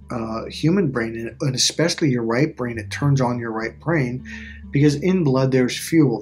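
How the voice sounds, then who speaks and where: A man's voice: mid-range voice, darkish tone. A middle-aged man talking casually as a relationship coach, emphatic and repetitive, swearing freely. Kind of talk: casual talk to camera.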